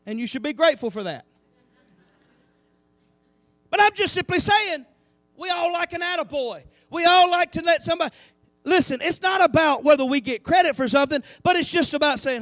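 A male pastor delivers an animated sermon, swinging from quiet asides to loud calls to the congregation. His voice sits very high for a man. The sound is dry and close. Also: fairly quick, long pauses, no room sound. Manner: animated preaching with call-and-response asides. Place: church sanctuary.

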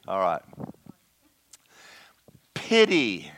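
A man preaching a lively, conversational sermon and talking straight to his congregation. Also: low voice, very slow.

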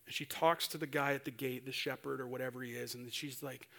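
A man's voice: mid-range voice, animated, fairly quick, gravelly, few pauses, bright, forceful tone. A male preacher giving a sermon, telling a story animatedly and acting out the voices of the people in it.

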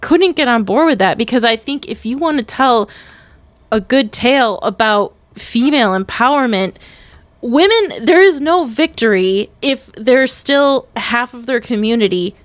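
A woman's voice: on the high side, animated, measured pace, no echo. A woman co-hosting a casual film-review podcast, making blunt, argumentative points. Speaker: podcast co-host.

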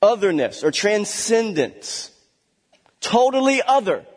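A man's voice: high voice, sing-song, slow pace, slightly rough. Emphatic preacher man in a reverberant hall. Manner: emphatic, repeats key words for stress; chatty asides with small laughs. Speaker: pastor. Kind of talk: sermon.

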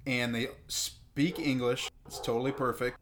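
Dry-humored man, mid pitch. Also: steady tone, measured pace, a bit bright, a little hiss or hum. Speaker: podcast co-host. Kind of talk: casual chat.

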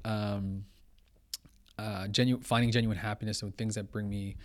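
A young man, a podcast guest, telling a story in casual chat, animated and acting out what others said. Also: on the low side, moderate pace. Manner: animated, quotes others, says blah blah.

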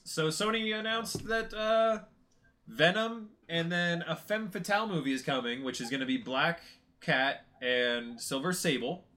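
A man hosting a casual podcast chat, retelling movie scenes in a lively way and swearing freely. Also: fairly high pitch, unhurried. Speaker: podcast host.

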